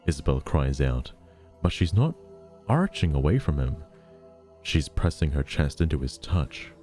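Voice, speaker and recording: A man's voice: rumbling low, darkish tone. A man casually reading a novel aloud, breaking off for irreverent, profane asides. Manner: irreverent, swears, breaks off to joke.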